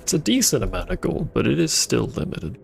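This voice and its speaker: A man's voice: a little high, sing-song, brisk, creaky, soft background music. A man streaming a video game, chatting casually with rambling, playful asides. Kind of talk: casual gameplay commentary.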